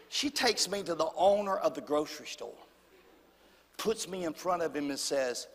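A man from Alabama with a Southern US accent, telling folksy, humorous stories from the pulpit in an animated way. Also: fairly high pitch, a little slow, pauses often, slight background noise. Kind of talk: storytelling sermon. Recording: long hall reverb.

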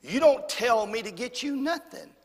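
A man's voice: very high-pitched, lively intonation, moderate pace, pitched above the performer's own voice. A man voicing his stern mother scolding her young son, in a reverberant hall. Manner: firm, scolding.

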